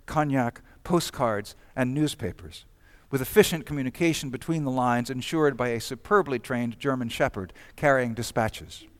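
A man's voice: medium pitch, dry recording. Man narrating a history, dry close sound. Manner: measured, storytelling delivery. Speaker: documentary narrator.

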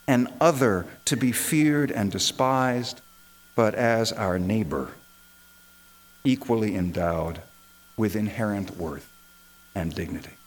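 A man's voice: mid-range voice, rough recording. A man, a minister, delivering an impassioned sermon built on rhetorical repetition.

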